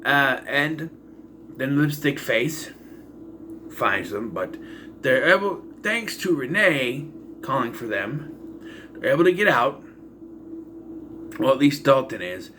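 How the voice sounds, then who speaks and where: Rambling, bright-voiced male film reviewer. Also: medium pitch, very animated, slow, pauses often, a little hiss or hum. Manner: rambling, loose retelling with frequent asides and fillers; dry, exasperated commentary on plot holes. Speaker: movie reviewer. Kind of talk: casual spoken film review.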